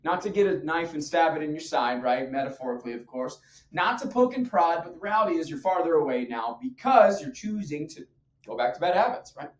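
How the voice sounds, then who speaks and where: Male fitness coach, punchy slangy pep-talk delivery, lively pitch swings, roomy echo. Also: brisk. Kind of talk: motivational talk to camera. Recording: echoey room.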